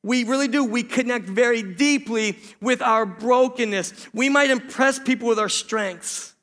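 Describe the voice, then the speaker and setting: A man's voice: extremely high pitch, measured pace, a bit bright, long reverb tail. A middle-aged man preaching a sermon as pastor, earnest, with self-deprecating jokes and repeated calls of "church". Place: church sanctuary.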